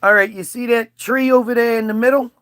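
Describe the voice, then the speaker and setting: A man's voice: very high-pitched, steady tone, brisk, a bit bright, dry recording, clean studio sound, pitched above the performer's own voice. A man doing a sly tempting snake. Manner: wheedling, conspiratorial.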